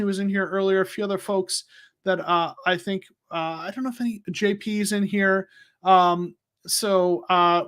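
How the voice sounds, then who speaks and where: High-voiced man hosting a livestream. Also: a bit bright. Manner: rambling, many fillers and restarts. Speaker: livestream host. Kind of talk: casual livestream chat. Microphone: new microphone.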